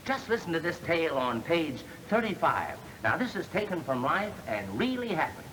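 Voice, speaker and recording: A slick young salesman with a bright, lively voice that bounces all over. He talks glibly and cracks wise in old film-comedy style. His storytelling turns mock-solemn, and his voice sits a little high for a man. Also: normal speed, a little hiss or hum, rough recording. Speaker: fast-talking salesman. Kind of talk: 1930s film comedy acting.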